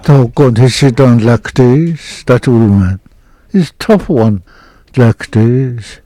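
An older man, telling a hunting story in halting, broken English with short phrases. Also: mid-range voice, lively intonation, dark tone, no room sound, poor audio. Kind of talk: oral history storytelling.

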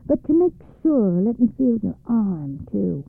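In a read-aloud folktale, a storyteller gives a full character voice to an impatient, greedy male evil spirit, urging and bossing in a raised, urgent tone. The voice is medium-pitched, sing-song, a little slow and gravelly, recorded dry with no room sound and a narrow, phone-like band.

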